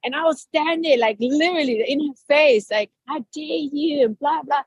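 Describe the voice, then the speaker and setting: A woman's voice: sits high, brisk, no room sound, muffled recording. Effusive woman host on a video call. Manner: effusive, animated storytelling with many fillers. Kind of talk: casual group chat.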